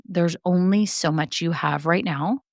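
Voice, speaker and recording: A woman hosting a solo business-coaching podcast, talking in an energetic, emphatic way and repeating her key points. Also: on the low side, a little slow, no room sound, studio quality. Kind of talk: solo motivational podcast talk.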